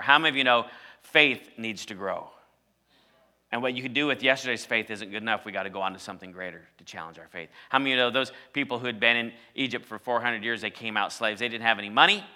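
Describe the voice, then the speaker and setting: A man preaching a sermon, telling a story and rising to loud, emphatic peaks. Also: medium pitch. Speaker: pastor.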